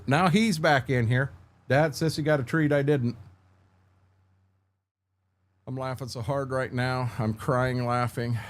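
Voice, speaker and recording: A man's voice: medium pitch, vocal fry. A middle-aged man, chatting casually on his livestream at home, telling rambling, candid stories and answering viewers by name. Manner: rambling, candid storytelling, frequent restarts, answers chat by name. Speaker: livestream host.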